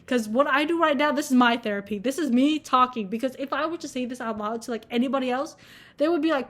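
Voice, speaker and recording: A young woman in college vlogs to camera in a casual rant, blunt and swearing a lot, with many filler "likes." Her voice is high-pitched and quick.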